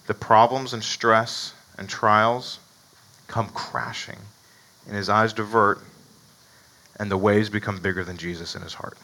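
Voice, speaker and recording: Guy giving a sermon, bright punchy voice, super conversational, lots of "right?". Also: fairly low pitch, fairly even intonation, unhurried, pauses often, rough recording. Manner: conversational, keeps asking "right?" to the listeners; chuckles between points. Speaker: pastor.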